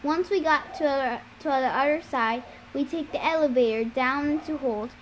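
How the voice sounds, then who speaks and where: A woman reading a novel aloud with steady storytelling narration. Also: high voice, a little slow, slight background noise. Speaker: reader.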